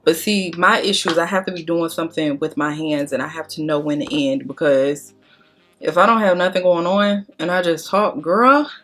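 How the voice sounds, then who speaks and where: A woman's voice: lowish voice, moderate pace, a bit bright, soft background music. A young adult woman chatting casually and candidly while doing her makeup, swearing freely and crying as she thanks her viewers. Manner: candid, profane, tearful and emotional. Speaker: beauty vlogger.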